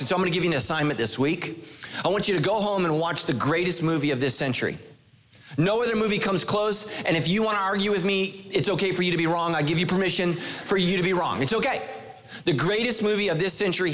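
A man preaching a sermon, animated and emphatic, with humor and rhetorical questions. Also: high voice. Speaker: pastor.

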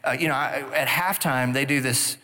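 A man's voice: mid-range voice, normal speed. A middle-aged man preaching a sermon, telling the story conversationally and checking in with the congregation as he goes. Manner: conversational, animated storytelling with audience asides. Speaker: pastor.

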